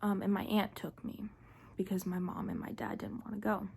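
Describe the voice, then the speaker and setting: A woman's voice: medium pitch, flat delivery, moderate pace, gravelly, darkish tone, slight background noise. A young woman casually telling a personal story, chatty and full of "like", often dropping to a half-whisper. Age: young adult. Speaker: vlogger.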